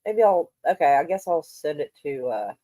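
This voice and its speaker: A woman's voice: sits low, very animated, normal speed, dark tone, no room sound. A woman hosting a casual live stream, rambling offhand and swearing now and then. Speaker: streamer host.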